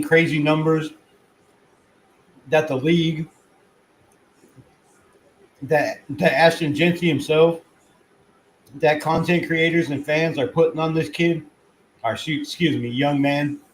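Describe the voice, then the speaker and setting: A man runs his own fan channel and talks football in a rambling, excitable way, swearing freely and now and then chewing as he talks. His voice sits a little high for a man. A faint hiss runs under the home recording. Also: a little slow, pauses often, rough recording. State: chewing food. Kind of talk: casual sports commentary.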